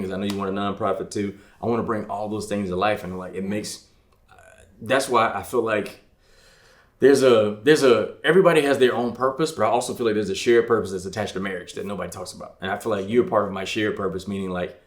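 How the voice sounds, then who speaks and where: Low-voiced man chatting in an echoey room. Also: fast talker. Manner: relaxed, heavy use of "like", teasing. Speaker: podcast co-host, husband. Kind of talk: casual chat.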